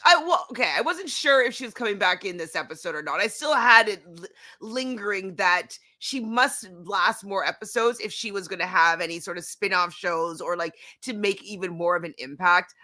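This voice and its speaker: A woman's voice: on the low side, bright, forceful tone. A woman guest in casual chat who laughs easily and often restarts her sentences as she thinks aloud.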